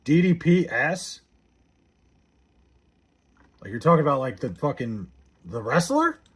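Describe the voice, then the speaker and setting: A man's voice: fairly high pitch, sing-song, measured pace, husky. A young man from Long Island, New York, chatting on a live stream and reading viewer comments aloud in a blunt, profane, half-laughing way.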